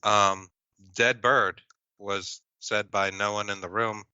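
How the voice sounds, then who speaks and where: A man's voice: lowish voice, steady tone, slow pace, sharp tone, clean tone, no echo. A man hosting a casual interview, laid-back and slangy. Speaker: host. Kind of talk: casual chat. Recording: dull, dry lo-fi sound.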